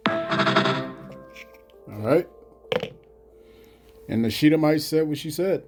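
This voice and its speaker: A man giving a religious commentary, speaking haltingly and often repeating "you know what I'm saying" between points. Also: on the high side, huge pitch swings, soft background music. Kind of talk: scripture commentary vlog.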